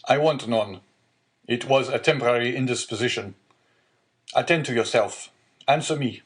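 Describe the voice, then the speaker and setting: A man's voice: medium pitch, normal speed, pitched above the performer's own voice, natural voice. A man voicing a stern male magistrate who hides his panic in a read-aloud storybook, with a curt, commanding delivery.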